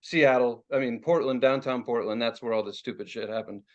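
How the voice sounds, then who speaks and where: A man's voice: mid-range voice, a little fast, lo-fi sound. A man from Philadelphia, co-hosting a podcast and telling a rambling, profane story in casual chat, laughing as he goes. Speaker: podcast co-host.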